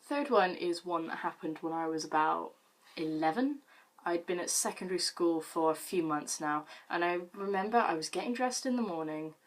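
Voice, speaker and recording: A woman's voice: fairly low pitch, expressive, normal speed. A girl, casually telling funny stories about herself to camera, chatty and self-mocking, swearing freely. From Britain. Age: late teens. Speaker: vlogger.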